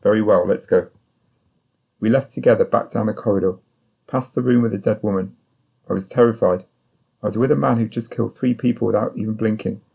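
A man narrating an audiobook in the first person, in a steady, measured way. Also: fairly low pitch, gravelly, husky.

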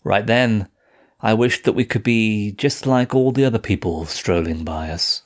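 A man narrating a first-person audiobook in a measured, steady reading voice. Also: lowish voice.

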